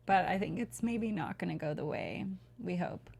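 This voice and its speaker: Gravelly low-voiced woman co-host. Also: moderate pace, a little mellow. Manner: loose, chatty, hesitant fillers. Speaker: panel co-host. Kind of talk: casual TV recap chat.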